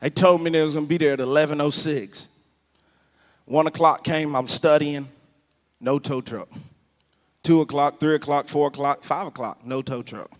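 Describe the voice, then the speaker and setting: High-voiced preacher in a reverberant church. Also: male voice, normal speed, long pauses. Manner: animated, swings to shouting, addresses the congregation directly. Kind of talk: storytelling sermon. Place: large church sanctuary.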